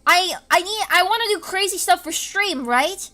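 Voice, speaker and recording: High, lively, bright-voiced woman streamer. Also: normal speed. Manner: rambling, erratic, bursts into screams and laughter. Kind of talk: casual live-stream chat. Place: home.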